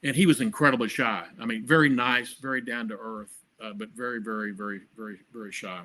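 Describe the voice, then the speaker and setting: Bright-voiced man telling anecdotes. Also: on the low side, fairly even intonation, brisk. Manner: chatty, filler-heavy with repeated restarts. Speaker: guest, comedy award producer. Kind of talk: anecdotal storytelling interview.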